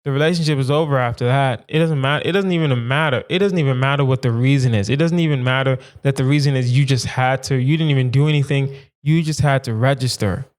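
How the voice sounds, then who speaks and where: A man's voice: medium pitch, quick pace, few pauses. A young adult man hosting a solo comedy podcast, riffing emphatically and repeating lines for effect. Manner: animated, emphatic riffing with repetition. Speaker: podcast host.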